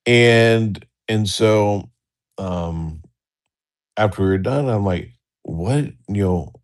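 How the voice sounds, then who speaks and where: A middle-aged man telling a crude personal story in a rambling way, often laughing and acting out the dialogue. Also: fairly low pitch. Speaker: storyteller on a livestream talk show. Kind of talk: casual storytelling.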